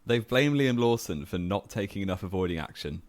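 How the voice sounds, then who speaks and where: A man's voice: deep voice, animated, brisk. A young man co-hosting a casual podcast and running a quiz, with dry, wry remarks. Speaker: podcast co-host and quizmaster. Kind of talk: casual chat.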